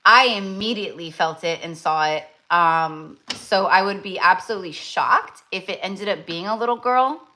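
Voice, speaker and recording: A woman's voice: mid-range voice, normal speed, few pauses, sharp tone. A young woman giving a live-stream tarot reading, talking in a gushing, effusive way with many fillers and restarts. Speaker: tarot reader.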